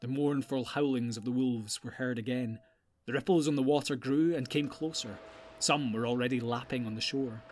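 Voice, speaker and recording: A man narrating an audiobook in a calm, measured storytelling manner. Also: medium pitch.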